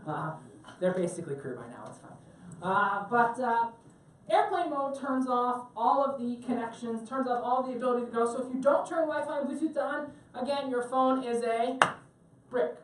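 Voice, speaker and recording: A woman's voice: fairly high pitch, expressive, moderate pace. A woman teaching a tech class to a live audience on a cruise ship, chatty and joking and asking the room questions. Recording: very echoey room, mic at a distance.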